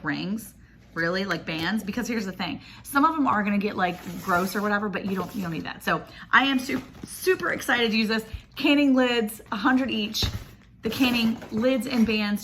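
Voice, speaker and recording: A woman, chatting excitedly and gushing as she unboxes a package for her vlog. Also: medium pitch, normal speed, slight background noise. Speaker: homestead vlogger. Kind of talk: casual unboxing chat.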